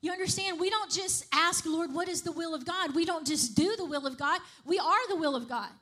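A woman's voice: very high-pitched, normal speed, bright, forceful tone. A woman preaching a sermon in a conversational way, often checking in with the congregation. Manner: conversational, repeats "right?" and "okay?" to the congregation.

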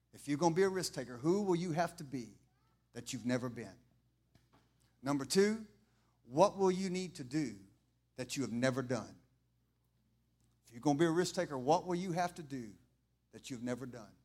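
A middle-aged man preaching an impassioned sermon, building from quiet talk to fervent shouting and repeating his lines. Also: medium pitch. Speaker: pastor.

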